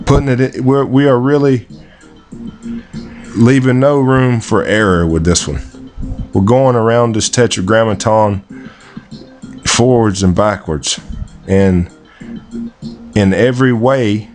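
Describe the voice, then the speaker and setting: A man talking slowly and deliberately over a screen recording, often repeating himself and spelling things out. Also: lowish voice. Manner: slow and deliberate, repeats words, spells out pronunciations. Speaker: self-made video presenter. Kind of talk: slow screen-recorded walkthrough.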